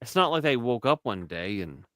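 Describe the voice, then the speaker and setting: A man's voice: mid-range voice, very animated, normal speed, bright, forceful tone, no room sound. A man, hosting a podcast and telling long, rambling, profane stories in casual chat. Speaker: podcast co-host.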